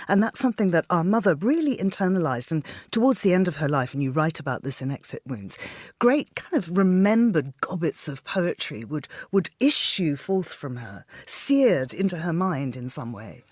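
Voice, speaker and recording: A woman host leads a studio radio interview in a measured, articulate way. Her pitch sits in the middle but moves about with lively rise and fall. The sound is close and dry, with no room around it. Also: breathy edge, no room sound.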